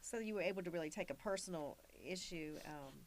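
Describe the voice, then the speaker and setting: A woman's voice: lowish voice, quick pace. A woman interviewing a guest for an oral history project, attentive and thoughtful in her questions. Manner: attentive, frequent soft backchannels.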